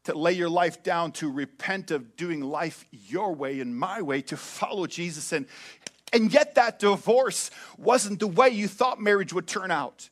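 A man preaching a sermon as pastor, animated, swinging between loud emphatic lines and hushed quiet ones. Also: high voice, a little slow.

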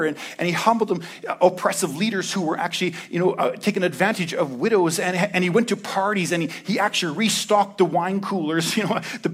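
Preaching in an easygoing, slang-filled way, a male pastor keeps his sermon lively with stories. His voice sits high and has a breathy edge.

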